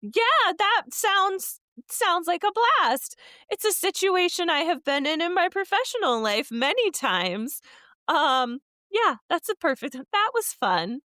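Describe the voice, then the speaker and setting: A woman's voice: extremely high pitch, sing-song, slow, no room sound, clean studio sound. A woman hosting a podcast, agreeing readily and laughing along with her guest. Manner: warmly agreeing, laughs often. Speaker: podcast host. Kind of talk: casual interview chat.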